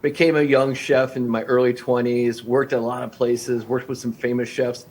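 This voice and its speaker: A man's voice: mid-range voice, moderate pace. A man in his fifties, a restaurant coach, speaking as a guest on a podcast interview and acting out conversations with clients. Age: 50s. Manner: energetic, acts out phone-call dialogues with clients.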